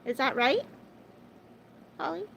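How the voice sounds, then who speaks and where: Young woman rambling on her livestream, bit of vocal fry, mixed english accent, slight hiss behind. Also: sits high, animated, slow, poor audio. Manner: chatty, rambling, lots of fillers. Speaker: livestream host. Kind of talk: casual livestream chat with viewers.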